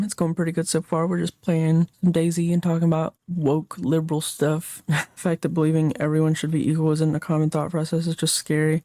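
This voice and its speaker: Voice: medium pitch, warm tone, dry recording, studio quality. A young adult livestreamer chatting casually late at night while gaming, rambling and reading chat comments aloud before answering them.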